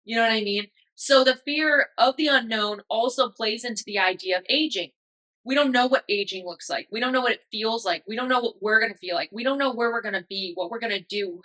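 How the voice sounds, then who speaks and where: A woman's voice: fairly high pitch, sharp tone, low-quality recording. A woman in her thirties hosting a podcast, talking in a casual, emotional way with many fillers. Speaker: podcast host. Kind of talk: casual reflective monologue.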